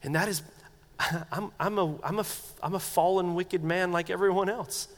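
A middle-aged male pastor with a notably high voice delivers a sermon at a moderate pace, earnest and conversational. He often drops into soft, quiet tones for tender moments, and a long reverb trails his words as in a church sanctuary.

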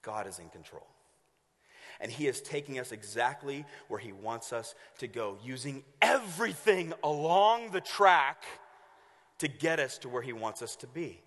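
A man preaching a sermon as pastor, telling stories in an animated way and acting out the voices of the people in them. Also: medium pitch, unhurried, in a large hall. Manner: animated storytelling with acted-out voices.

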